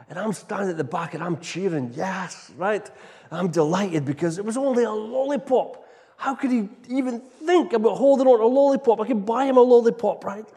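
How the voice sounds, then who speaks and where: High-voiced preacher man in an echoing hall. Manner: animated storytelling, keeps tagging "right?". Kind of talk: storytelling sermon. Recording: long reverb of a large hall.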